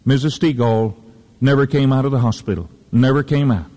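Fervent preacher in an echoey hall. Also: male voice, mid-range voice, a little fast, dark tone. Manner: fervent, folksy storytelling preacher. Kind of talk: sermon.

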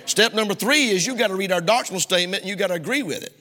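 A man's voice: high-pitched, very fast, sharp tone. A male pastor preaching a sermon from the pulpit with an emphatic, repeating cadence. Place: church sanctuary. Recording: long hall reverb in a church.

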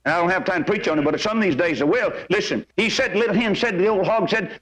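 A high-voiced man preaching in a drawl, telling homespun stories. He leaps up and down in pitch as he acts out each character. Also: fairly quick, hardly any pauses, fairly bright tone, poor audio. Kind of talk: folksy sermon with storytelling.

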